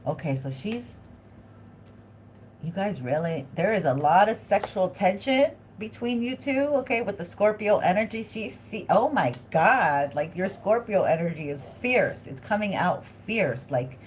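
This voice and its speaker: A woman hosting a live tarot reading, thinking aloud in a chatty, excitable way and talking straight to her viewers. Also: medium pitch, unhurried, a little hiss or hum. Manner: addresses viewers directly.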